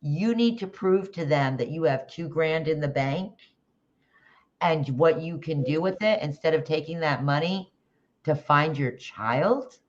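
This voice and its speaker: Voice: medium pitch, a little slow, highs cut off. A livestream host chatting casually about a case, rambling with restarts and greeting viewers in the chat by name.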